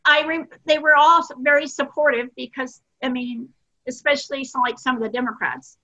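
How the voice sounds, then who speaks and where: A woman's voice: high voice, steady tone, a little fast, pushed and bright, lo-fi sound. An older woman recounting her experiences as an interview guest in an earnest, self-deprecating, meandering way. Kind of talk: casual interview storytelling.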